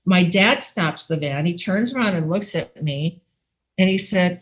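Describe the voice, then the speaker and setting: A woman's voice: fairly low pitch, unhurried, poor audio. Laughing middle-aged woman telling her story. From Iowa. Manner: animated storytelling with frequent laughs and acted-out quotes. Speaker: recovery meeting speaker. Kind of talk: personal testimony. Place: home, online video call. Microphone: video call microphone.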